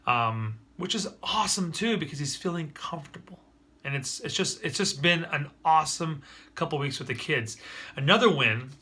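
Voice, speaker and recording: A man's voice: medium pitch, sharp tone. A man talking to the camera in a casual vlog about his parenting. He tells the story earnestly and with energy, and often restarts his sentences. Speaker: father vlogging about parenting.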